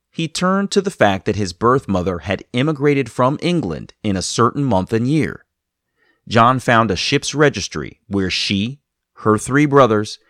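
A man's voice: on the low side, fairly bright tone, dry recording. Guy narrating a script, bouncy intonation, dry close mic. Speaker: host and narrator.

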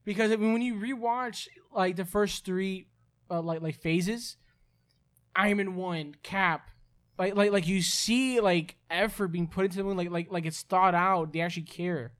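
A young man with a high-pitched voice talks in a casual chat. He rants with exasperation, stacking up repeated fillers as he goes. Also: moderate pace. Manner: animated, exasperated complaints with many repeated fillers.

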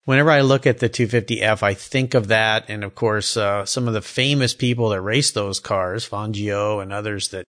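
A man's voice: fairly low pitch, steady tone, normal speed, few pauses, fairly bright tone. A man hosting an interview podcast, talking in an enthusiastic, exclaiming way. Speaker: podcast host.

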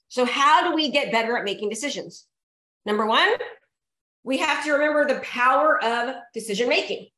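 A woman's voice: fairly high pitch, sharp tone. A woman giving a motivational talk to a live audience, emphatic and repetitive as she coaxes the crowd. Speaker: motivational speaker. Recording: echoey room.

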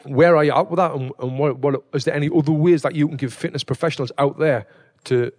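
A man hosting a casual chat, telling stories with lots of swearing and loud acted-out quotes. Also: fairly high pitch, fast. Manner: animated storyteller, swears freely, acts out quotes loudly. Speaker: podcast host.

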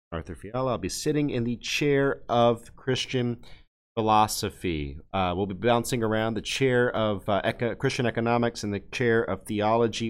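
Low-voiced folksy male podcast host. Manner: relaxed, folksy, with frequent fillers and restarts. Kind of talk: casual panel discussion.

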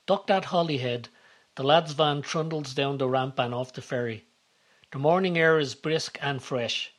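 A man reading a scripted comedic story, calm and measured in his narration. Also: mid-range voice. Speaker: narrator and author of the series.

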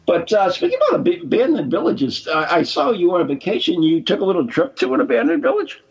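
Brief: husky, gravelly male co-host, rambling with fillers, muffled lo-fi recording. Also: high voice, sing-song. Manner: rambling, halting with many fillers. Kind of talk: casual chat. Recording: dull lo-fi sound.

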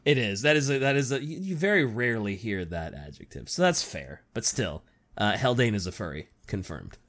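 A man's voice: lowish voice, big pitch swings, brisk, a bit bright. A young man co-hosting a casual chat about books, joking in a playful way and sometimes trailing off.

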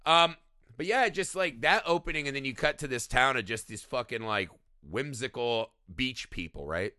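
Animated, profane man chatting about films. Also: mid-range voice, moderate pace, no echo, clean studio sound. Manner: profane, animated, keeps saying "right?". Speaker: podcast co-host. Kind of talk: casual film chat.

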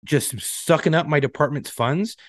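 A man's voice: fairly high pitch, moderate pace, dry recording. Blunt, profane man telling stories. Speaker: podcast co-host. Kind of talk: casual chat.

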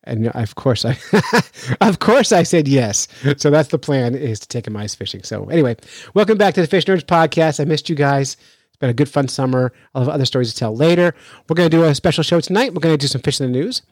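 Male podcast host, lively and chatty, casual storytelling, dry studio sound. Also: on the high side, brisk, no room sound. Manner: lively, chatty, with frequent restarts. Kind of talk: casual storytelling and news commentary.

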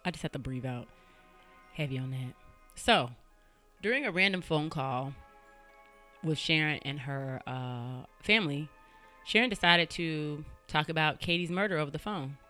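A woman's voice: deep voice, fairly bright tone. A woman hosting a podcast, telling a true-crime story in a casual, blunt way and swearing freely. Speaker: podcast host.

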